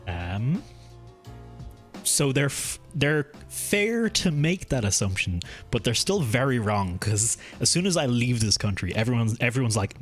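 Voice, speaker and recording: A man's voice: medium pitch, big pitch swings, a little slow, soft background music. A man with a mild Irish accent, chatting casually and rambling while streaming a game, swearing freely. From Ireland. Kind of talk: casual live-stream chat while gaming.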